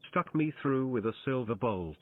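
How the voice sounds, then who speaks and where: A man's voice: mid-range voice, animated, normal speed, dry recording. A man voicing a lonely, bitter male wolf ghost with a pained sing-song manner, in a text adventure game. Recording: tinny phone-like dry sound.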